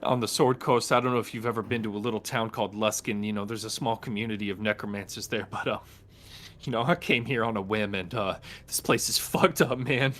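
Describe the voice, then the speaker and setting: A man's voice: on the low side, brisk, fairly bright tone, close to an everyday voice. A man voicing a skinny, nervous male necromancer who pleads in a rambling, hesitant way. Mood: pleading.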